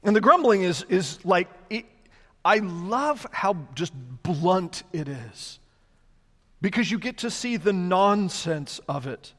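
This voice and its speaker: A man preaches in an animated way, often slipping into mocking voices for the complainers in his story. His voice sits high and moves up and down a lot. It rings with long reverb in a large hall. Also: slow pace. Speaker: pastor. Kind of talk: sermon.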